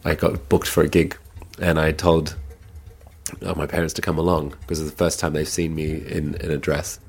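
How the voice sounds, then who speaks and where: A man's voice: extremely low pitch, flat delivery, normal speed, creaky, darkish tone, slightly rough. A man who performs in drag, telling personal stories in a casual, chatty way and acting out the voices of people he quotes. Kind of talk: casual storytelling.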